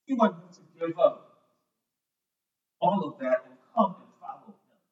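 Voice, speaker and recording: Reading scripture and chatting through his sermon with repetitions and asides, this preacher speaks in an unhurried, animated way, his pitch on the high side. He sounds far off in a reverberant hall, and the audio is dull.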